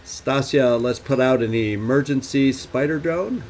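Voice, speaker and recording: A man's voice: mid-range voice, a little slow, darkish tone, a little hiss or hum. Man thinking aloud over a strategy game. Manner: thinking aloud while planning moves. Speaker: gaming channel host. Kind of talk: let's play commentary.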